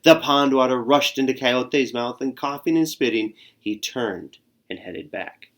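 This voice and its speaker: A man reading a children's picture book aloud, expressive and adding little sound effects. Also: mid-range voice, a little slow. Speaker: storyteller.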